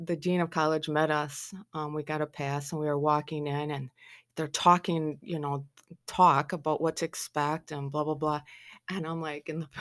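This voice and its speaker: A woman telling a family story as a mother, in a casual, animated way, acting out quoted lines with sarcastic asides. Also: low voice.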